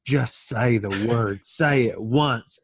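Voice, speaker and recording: A man putting on the voice of a cruel, furious husband from a film, talking slowly and insistently. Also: medium pitch, slight background noise. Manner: slow, insistent, escalating to screaming.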